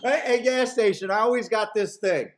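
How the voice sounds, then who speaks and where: A man with a notably high voice hosts a live horse racing stream, chatting loosely with his viewers. He rambles, swears freely and breaks into laughter often. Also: moderate pace, a little hiss or hum. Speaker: horse racing handicapping show host. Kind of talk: casual live-stream chat.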